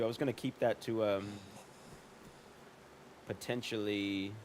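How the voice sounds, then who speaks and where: A man's voice: medium pitch, slight background noise. A man chatting casually while live-streaming a game, rambling and swearing as he talks.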